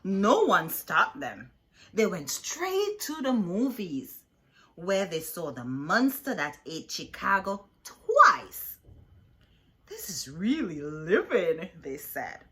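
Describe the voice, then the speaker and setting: Woman storyteller, picture book read-aloud, slow pace, very lively pitch, bright tone. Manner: expressive, slow, deliberate storytelling. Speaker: children's storyteller.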